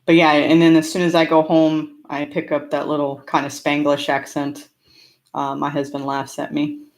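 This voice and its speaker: She speaks low, level and a little mellow at a normal pace, with a slight rural American twang. A homesteading channel host from California, she fields chat questions during a casual live stream, upbeat and chatty, laughing frequently between comments.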